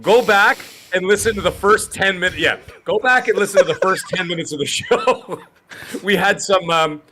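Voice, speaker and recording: A male co-host on a gaming podcast, earnest and joking in casual chat. His voice is bright and forceful, sitting somewhat high for a man. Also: expressive, normal speed, a little hiss or hum.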